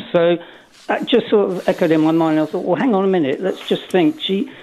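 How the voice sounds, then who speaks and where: A male caller on a radio phone-in, speaking in a measured way and thinking aloud as he goes. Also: high-pitched, a little mellow, a little hiss or hum, poor audio. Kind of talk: phone-in call.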